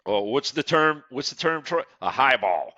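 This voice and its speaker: A man's voice: medium pitch, expressive, normal speed, bright, forceful tone, no room sound, highs cut off. A man, hosting a podcast and telling stories between laughs. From Westbank of New Orleans. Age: 60s. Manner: storytelling, laughs often. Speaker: podcast host. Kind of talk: casual interview chat.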